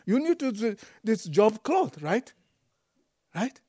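A man teaching as a Buddhist monk, speaking halting English that is not his first language, often pausing to find a word and chuckling through his points. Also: high-pitched, very animated, warm tone, husky. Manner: broken English, often gropes for words. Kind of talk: dharma talk to a group.

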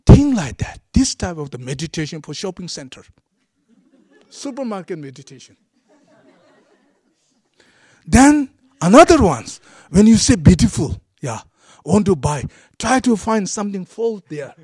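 Male buddhist monk, dharma talk, high voice, unhurried, broken english, chuckling. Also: very animated, a little mellow, husky. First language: not English. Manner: broken English, often gropes for words; chuckles through his points.

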